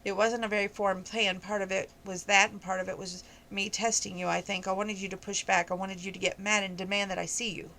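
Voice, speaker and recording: A woman's voice: medium pitch, level tone, brisk, vocal fry, hardly any pauses, pushed and bright, slight background noise, low-quality recording. A woman reading the lines of an earnest grown woman talking with her stepfather, in a plain read-aloud voice.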